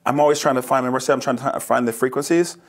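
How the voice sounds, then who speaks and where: Talking at a very fast clip in a mid-range voice, this New Jersey roofing business owner spins stories during an interview. He performs the dialogue in lively voices and breaks into laughter often.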